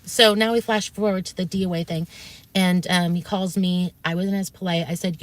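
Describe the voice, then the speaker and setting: A woman's voice: lowish voice, fairly even intonation, normal speed. Rambling woman telling a story. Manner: rambling, frequent restarts and fillers, swears when heated. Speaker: streamer recounting events. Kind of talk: casual storytelling to viewers.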